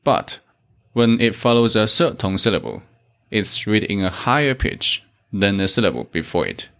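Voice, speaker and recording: A man teaching a language lesson, explaining grammar and modeling tones deliberately. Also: on the low side, lively intonation, vocal fry, a bit bright. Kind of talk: slow instructional explanation.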